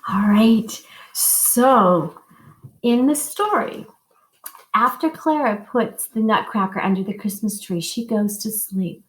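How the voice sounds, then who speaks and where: Slow, high-voiced music teacher for young kids. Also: female voice, a bit bright. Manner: slow, sing-song and encouraging, modeling high and low notes for kids. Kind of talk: teaching young children, storytelling and call-and-response singing. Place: school music room. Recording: echoey classroom.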